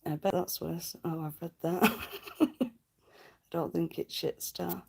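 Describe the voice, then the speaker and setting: A woman's voice: fairly low pitch, steady tone, slow pace, vocal fry, mellow, slightly rough. A young woman, chatting on a live stream, giggling and swearing as she rambles. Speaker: livestreamer. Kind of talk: casual live stream chat.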